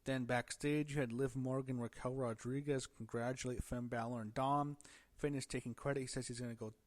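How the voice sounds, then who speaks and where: A man talking through a wrestling episode in a loose, offhand way, pausing on fillers and restarting his sentences. His voice sits at an average pitch for a man. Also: fairly even intonation. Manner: rambling, thinks aloud with fillers and restarts. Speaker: wrestling show reviewer. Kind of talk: casual recap commentary.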